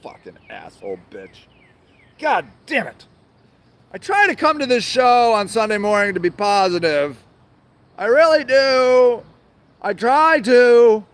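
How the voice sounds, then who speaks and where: A man's voice: very high-pitched, huge pitch swings, measured pace. A man hosting his own show from an outdoor garden, ranting angrily and sarcastically, swearing a lot and repeating himself. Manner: angry, profane, sarcastic, repetitive. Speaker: show host. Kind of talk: profane outdoor rant.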